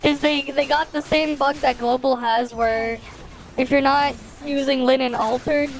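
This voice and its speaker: A woman with a high-pitched, steady voice takes her time while chatting with viewers during a gaming stream set to game music. The mood is laid-back, full of laughter and swearing, and the recording carries a faint hiss or hum.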